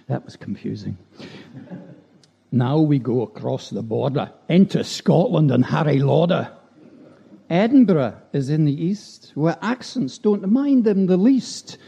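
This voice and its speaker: A man's voice: on the high side, mellow, slightly rough. A man at a church gathering, reciting a humorous rhyming poem with chatty, self-deprecating asides between verses. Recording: dull lo-fi recording.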